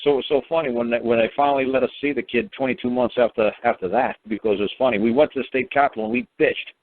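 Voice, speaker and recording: A man's voice: medium pitch, steady tone, rapid-fire, no echo. A man telling a personal story as a caller on a talk show, rambling and profane, with lots of fillers and restarts. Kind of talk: casual spoken storytelling. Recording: tinny phone line.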